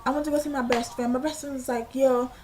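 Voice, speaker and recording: High-voiced young woman telling a story. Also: fast, a little hiss or hum. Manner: animated, slangy retelling with quoted dialogue. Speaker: vlogger. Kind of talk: storytime vlog.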